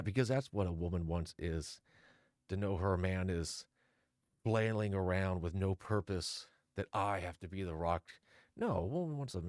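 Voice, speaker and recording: A man with a low voice gives casual reaction commentary. He reads messages aloud in a mocking, exasperated way, recorded dry and close with no room sound. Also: darkish tone, dry recording.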